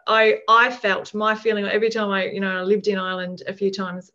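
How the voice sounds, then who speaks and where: A woman's voice: medium pitch, completely flat delivery, brisk, pushed and bright. A woman hosting a podcast, talking reflectively in a rambling way, full of fillers and restarts. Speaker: podcast host. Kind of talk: casual conversation. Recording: dull lo-fi sound.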